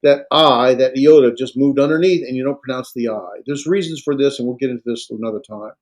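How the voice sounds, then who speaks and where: A man lecturing on Greek to a class, halting and full of fillers and self-corrections. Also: medium pitch, darkish tone. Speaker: Greek instructor.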